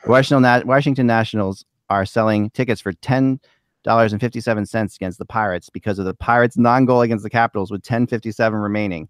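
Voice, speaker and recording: A man's voice: lowish voice, no echo, studio quality. A man hosting a casual sports podcast, rambling with many restarts. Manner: fast, rambling, lots of restarts. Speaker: podcast host.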